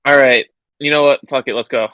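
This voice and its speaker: A man's voice: mid-range voice, fairly even intonation, a little fast, sharp tone, clean tone, dry recording, low-quality recording. A man playing a tabletop game, hesitant and stammering, with the odd swear. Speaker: player. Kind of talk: casual tabletop play.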